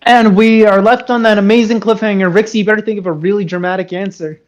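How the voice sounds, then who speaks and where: A mid-pitched player teasing and joking at a tabletop game. The banter is loose and casual. The recording is muffled and lo-fi. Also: steady tone, fast talker.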